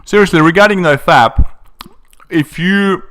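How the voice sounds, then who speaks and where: A man's voice: high-pitched, a little slow, fairly bright tone. Joking, blunt man hosting a live Q&A. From South Africa. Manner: joking, laughs often, crude and blunt. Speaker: channel host answering viewer questions. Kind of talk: casual live-stream Q&A.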